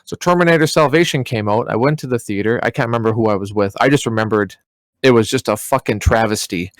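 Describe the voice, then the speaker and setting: A man co-hosting a podcast, casually ranting about disappointing movies with animated storytelling and plenty of swearing. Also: mid-range voice, quick pace, no echo. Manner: animated storytelling, mimics people mid-rant, swears freely. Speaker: podcast co-host. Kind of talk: casual chat.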